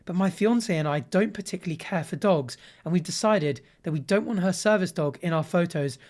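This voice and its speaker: A man with a fairly high voice hosts a comedy commentary show. He reads online posts aloud and reacts to them with animated sarcasm and plenty of mock outrage. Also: brisk. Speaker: host reading and judging online posts.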